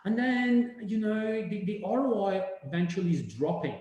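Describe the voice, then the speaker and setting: A man giving a casual webinar talk, animated and rambling, full of fillers and restarts. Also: high-pitched, moderate pace. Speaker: webinar speaker. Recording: very echoey room.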